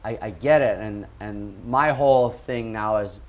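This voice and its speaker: A man's voice: on the low side, unhurried, muffled recording. A man from Hawaii, a pro surfer, telling stories in casual chat, loose and laid-back, full of fillers, acting out voices. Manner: laid-back, lots of "like" and "you know"; acts out voices in his stories. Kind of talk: casual storytelling.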